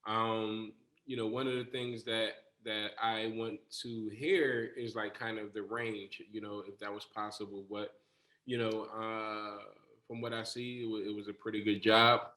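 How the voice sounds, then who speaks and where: Flat-voiced, bright male judge. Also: lowish voice, measured pace, echoey room. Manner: hesitant, many fillers. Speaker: talent show judge. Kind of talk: giving feedback.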